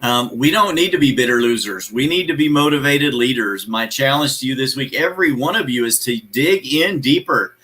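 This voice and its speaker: A man's voice: mid-range voice, expressive, normal speed, few pauses, bright, forceful tone, low-quality recording. A man hosting a live motivational show, talking emphatically in a preachy way, repeating his key phrases and greeting viewers by name.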